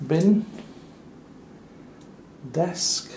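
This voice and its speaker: A man's voice: high-pitched, very slow, mellow. A man giving a chatty, wry walkthrough of a small hotel room for a travel review, with dry asides. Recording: echoey small room with faint noise.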